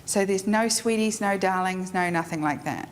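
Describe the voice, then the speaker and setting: A woman's voice: mid-range voice, normal speed. Frank woman teaching photography. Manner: frank, animated, acts out clients' chatter. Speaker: photography instructor. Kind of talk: live workshop teaching. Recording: echoey room with faint noise.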